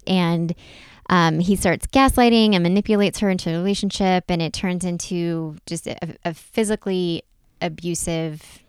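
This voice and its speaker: Brief: female podcast co-host, lowish smooth voice, casual chatty delivery, dry close mic. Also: a little mellow, dry recording. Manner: chatty, lots of "like" and "um" fillers. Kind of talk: casual chat.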